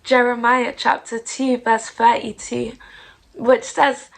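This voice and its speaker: Woman podcast host, higher pitch, fry in the voice, unhurried and heartfelt. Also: little pitch movement, poor audio. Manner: earnest, heartfelt. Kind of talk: reflective devotional monologue.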